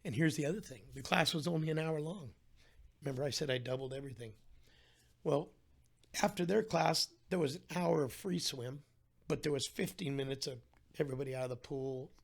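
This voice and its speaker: Middle-aged male guest, raspy and slightly high, animated storyteller. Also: fairly quick. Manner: animated storyteller, acts out quoted voices. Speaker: guest telling his weight-loss story. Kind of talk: casual storytelling interview.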